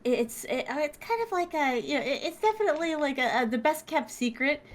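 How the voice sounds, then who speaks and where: A woman guest on an interview stream, excitedly retelling her own story in an animated, gushing way with lots of fillers. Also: sits high, quick pace. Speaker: guest, content creator.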